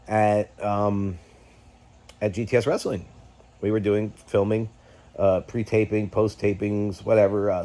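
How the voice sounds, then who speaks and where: A man's voice: fairly low pitch, dark tone. Heated middle-aged man venting on a vlog. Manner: agitated, swearing, halting with many fillers. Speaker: YouTube host. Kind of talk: candid personal vlog rant.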